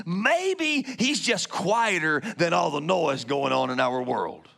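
A man preaching a Pentecostal sermon, calling out to the congregation and swinging from loud shouts to hushed whispers. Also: fairly high pitch, very animated, slow pace, gravelly, hardly any pauses. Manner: calls out to congregation. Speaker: pastor.

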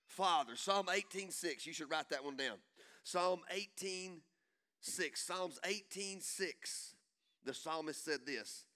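A man, preaching a sermon as pastor, swinging from hushed, low passages to shouted climaxes. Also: takes it slowly.

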